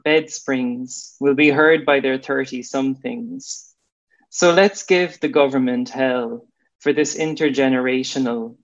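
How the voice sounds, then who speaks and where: Man, poet, wry measured reading, mid pitch, muffled lo-fi call audio. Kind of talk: reciting a humorous poem.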